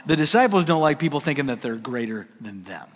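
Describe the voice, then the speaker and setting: A man preaching a sermon, swinging between loud emphasis and hushed near-whispers. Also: mid-range voice, big pitch swings, fairly quick. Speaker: pastor. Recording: long hall reverb.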